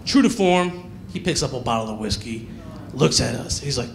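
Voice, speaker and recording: A male stand-up comedian telling a story on a comedy club stage in an animated way, acting out the characters. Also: medium pitch, moderate pace, creaky, slight background noise.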